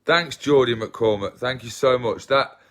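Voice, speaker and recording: A man's voice: medium pitch, a little slow, fairly bright tone. Chatty English man on a livestream. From England. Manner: chatty, self-deprecating, greets viewers by name. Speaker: livestream host. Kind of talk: casual livestream chat.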